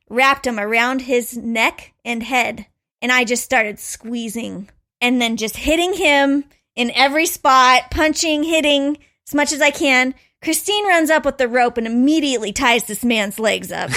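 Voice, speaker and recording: A high-pitched woman co-hosts a podcast, telling a story in a casual, animated way. She laughs often and acts out the quotes.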